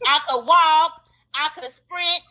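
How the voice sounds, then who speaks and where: A shrill, brash woman boasts and curses in a high, piercing, bright voice, as a man puts her on. Each line comes out loud and pushy. She sounds sure of herself. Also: takes it slowly, exaggerated voice. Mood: boastful.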